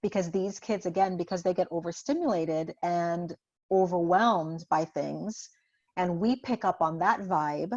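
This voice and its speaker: A woman talks through a parenting point in a relaxed conversational interview. She slips into little acted voices of parent and child as she tells her stories. The sound is somewhat muffled and lo-fi, as if over a video call. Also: fairly low pitch, measured pace. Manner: animated storyteller acting out parent and child. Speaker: guest parenting expert. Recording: muffled lo-fi audio.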